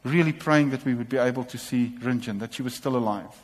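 A man's voice: medium pitch, quick pace, in a large hall. A man preaching a sermon to a congregation, impassioned and repeating short calls to take courage.

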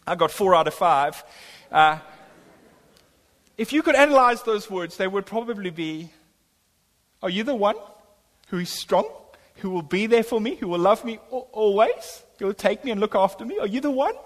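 A man's voice: sits high, animated, moderate pace, long pauses, fairly bright tone. A middle-aged man preaching a sermon as pastor, his voice swelling on key lines. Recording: long hall reverb.

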